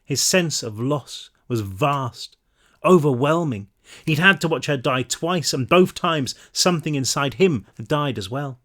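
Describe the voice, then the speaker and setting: A man narrating his own novel in a measured reading, now and then dropping into relaxed asides to his listeners. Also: on the high side. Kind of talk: audiobook-style read-through.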